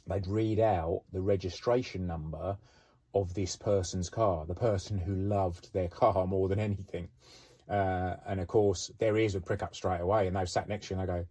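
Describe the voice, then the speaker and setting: A middle-aged man with a low, husky, mellow voice recounts his police days in a relaxed, chatty way. He fills his sentences with "you know" and "um" as the story rolls along. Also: normal speed. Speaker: former police officer telling stories. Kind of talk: casual anecdotal storytelling.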